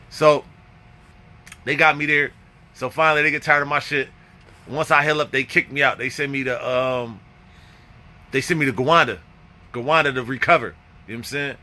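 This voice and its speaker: Man with a very bright, forceful voice telling a profane story. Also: medium pitch. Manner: profane, blunt, roasting; acts out his own lines in the story. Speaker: vlogger telling prison stories. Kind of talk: casual storytelling.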